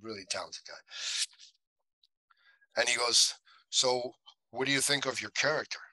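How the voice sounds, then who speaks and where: Actor guy on a podcast spinning stories, bright tone, dry sound, does little voices for people. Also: mid-range voice, unhurried, no room sound, rough recording. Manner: animated anecdotes, acts out quoted voices. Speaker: actor guest. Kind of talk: casual storytelling interview.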